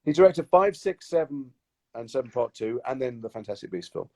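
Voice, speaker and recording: A man telling animated stories in casual chat on a live video stream, acting out the people he quotes. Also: medium pitch, fairly quick. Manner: animated storyteller, acts out quoted voices. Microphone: phone or webcam on a live video call.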